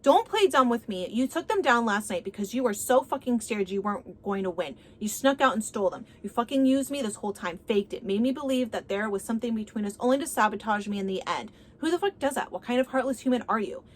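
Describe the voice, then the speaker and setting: A heartbroken young man, bitter and swearing, spits accusations at the woman he thinks used him, as a woman recounts a book. The voice sits fairly high and comes out quick. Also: lively intonation, a little hiss or hum, close to an everyday voice. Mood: bitter, accusing.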